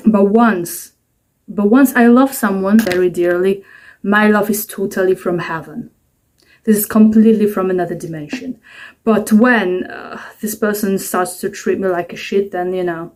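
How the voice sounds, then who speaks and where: A woman's voice: mid-range voice, moderate pace, a little mellow. A woman in her twenties chatting to camera in a rambling, self-mocking way, at home at night. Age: 20s. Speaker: vlogger. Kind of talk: casual talking-to-camera vlog.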